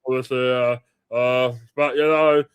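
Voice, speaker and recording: A man's voice: mid-range voice, measured pace, smooth, natural voice. A man playing a polite, bland male star striker who tacks "obviously" onto every sentence. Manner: monotone, says "obviously" after every sentence. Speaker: comedy co-host.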